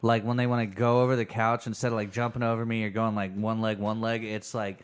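A man's voice: lowish voice, flat delivery, quick pace, clean tone. A man co-hosting a comedy podcast, telling stories in casual banter and laughing often. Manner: laughs a lot, storytelling, playful. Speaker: podcast co-host and improv comedian.

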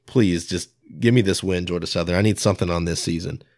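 A man's voice: low-pitched, moderate pace, darkish tone, dry recording, clean studio sound. A man co-hosting a casual football podcast, teasing the others with wry banter. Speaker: podcast co-host. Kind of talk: casual sports chat.

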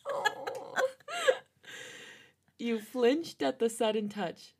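A woman's voice: on the high side, expressive, extremely slow, a little mellow, husky. A young woman co-hosting a podcast, reading fan fiction aloud and often giggling at it. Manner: breaks into giggles while reading. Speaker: podcast co-host.

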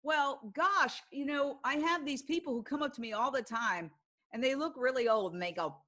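This older woman, a broadcast journalist appearing on a podcast, has a high-pitched, pushed, bright voice at normal speed. Casual and earnest, she tells stories and acts out people's quoted words.

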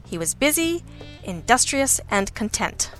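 Woman, audiobook narrator, first-person reading, wry, sardonic, bright voice, faint background music. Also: fairly high pitch, very animated, measured pace.

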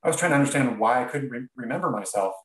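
A man's voice: mid-range voice, expressive. Man telling his story, echoey and distant. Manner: earnest, halting, with frequent restarts. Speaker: podcast guest. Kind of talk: reflective storytelling.

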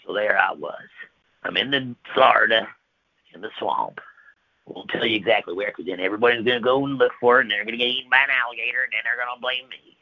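A man telling a rambling, profane comic tall tale on the radio, swinging from loud outbursts to hushed whispers. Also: mid-range voice, fast, highs cut off.

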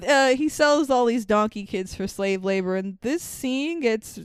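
Brief: young woman, podcast co-host, smooth clear voice, dry close sound, laughs a lot. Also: on the high side, expressive, slow pace, no room sound. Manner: laughs often, acts out characters' lines. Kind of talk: casual movie-recap chat.

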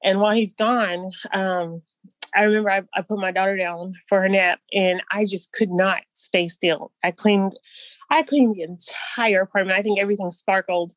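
A woman telling personal stories in an interview, halting and restarting, with soft nervous laughs. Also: mid-range voice, fairly even intonation, no room sound. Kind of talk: personal storytelling.

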